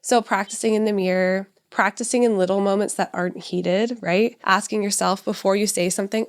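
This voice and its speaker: A woman's voice: mid-range voice, fairly even intonation, a little fast, gravelly, few pauses. A woman in her thirties hosting a solo parenting podcast, talking in a conversational, reflective way and often checking in with "right?". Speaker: podcast host, parenting educator.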